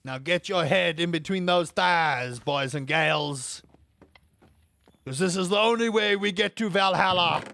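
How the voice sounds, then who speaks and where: A man voicing a hammy male singer greeting his concert crowd in a slow, bombastic, drawn-out delivery. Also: sits high, gravelly, bright, forceful tone, full character voice.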